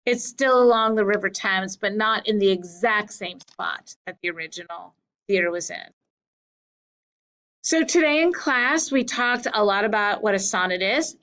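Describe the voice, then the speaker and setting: A woman teacher giving a slow, deliberate lesson over slides, correcting herself now and then. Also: mid-range voice, a bit bright, poor audio. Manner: slow, deliberate explaining with small self-corrections.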